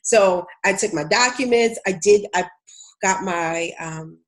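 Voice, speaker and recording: A woman's voice: medium pitch, measured pace. A woman with a Baltimore accent, a career coach speaking candidly and casually to viewers on a live stream. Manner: candid, chatty, addresses viewers as y'all.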